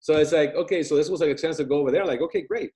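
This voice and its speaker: A fast-talking, animated man with a voice on the high side tells stories as a filmmaker guest in a casual interview. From an Italian family and living in the United States, he rambles and acts out quotes.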